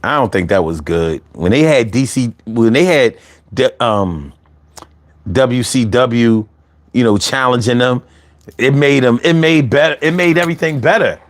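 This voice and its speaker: A man hosting a casual live chat, animated and profane, laughing often as he talks. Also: medium pitch, unhurried. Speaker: livestream host reading chat.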